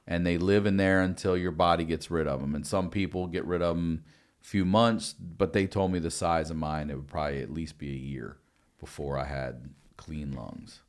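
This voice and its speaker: A man's voice: low voice, normal speed. A man telling stories in a casual podcast chat, cursing freely and acting out quoted dialogue. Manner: profane, animated storytelling with quoted dialogue. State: recovering from lung blood clots. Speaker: guest.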